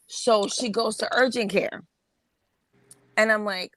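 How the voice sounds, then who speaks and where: A fairly high-voiced woman, talking with casual bluntness and plenty of swearing. Her voice sounds dry and close, with no room echo. She tells the story in an exasperated, matter-of-fact way. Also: normal speed, a bit bright. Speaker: host. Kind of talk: casual livestream chat.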